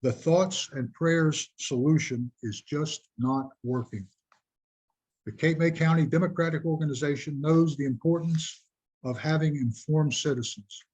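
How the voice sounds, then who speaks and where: A man hosting a video-call presentation, reading a prepared introduction of the guest speakers in a formal, measured, earnest way. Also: a little high, a little mellow, slightly rough, low-quality recording.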